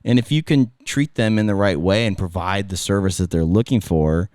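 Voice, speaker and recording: A man's voice: fairly low pitch, moderate pace, a little mellow, clean tone, dry recording, studio quality. A middle-aged man with a Californian accent, a former radio host telling stories in a casual podcast chat, rambling and restarting his sentences. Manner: rambling, self-interrupting storyteller.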